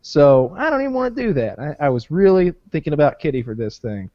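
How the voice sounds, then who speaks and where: A man hosting a podcast, talking in loose, profane rambles full of fillers. His voice sits a bit high. The audio is dull, dry and lo-fi. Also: very animated, fast, no room sound. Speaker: podcast host. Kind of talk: casual podcast chat.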